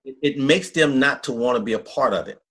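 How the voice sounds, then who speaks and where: Husky middle-aged guy, pastor telling his story, folksy and earnest. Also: medium pitch, brisk, fairly bright tone. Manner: earnest, folksy storyteller who acts out quotes. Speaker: pastor and podcast guest. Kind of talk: storytelling in a podcast interview.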